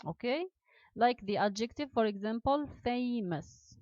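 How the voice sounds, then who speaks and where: Woman teaching slow grammar. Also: a little high, animated, a little mellow, no room sound. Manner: explains slowly, repeats examples, switches to Arabic to explain. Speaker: English teacher. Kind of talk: classroom grammar lesson. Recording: dull lo-fi sound.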